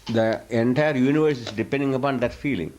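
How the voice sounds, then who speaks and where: A man slowly reading out written questions in a spiritual question-and-answer session, pausing and repeating as he goes. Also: mid-range voice, darkish tone, a little hiss or hum, poor audio. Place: talk hall.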